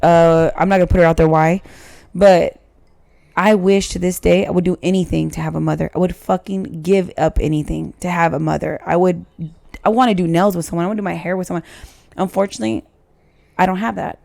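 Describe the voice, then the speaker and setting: A woman's voice: on the low side, steady tone, fairly quick, creaky, darkish tone, no echo. A woman in her forties, a podcast guest, telling a personal story in blunt, emotional, heavily sworn casual chat.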